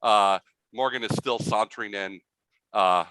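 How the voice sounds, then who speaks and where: Bright-voiced male game master. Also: on the low side, measured pace, smooth, no echo, low-quality recording. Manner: rambling, full of fillers. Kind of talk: narrating a tabletop game.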